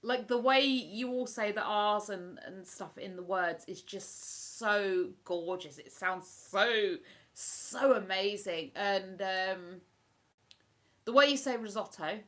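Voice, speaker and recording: A British woman chatting on a livestream in a bright, clear voice. She talks in an easy, rambling, enthusiastic way. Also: mid-range voice, slow. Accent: British English. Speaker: livestream host. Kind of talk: casual chat.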